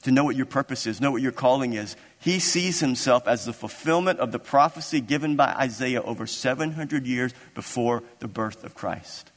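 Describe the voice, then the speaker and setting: A man's voice: medium pitch, moderate pace, few pauses, in a large hall. A man preaching a sermon as pastor, impassioned and building into emphatic, repeated declarations.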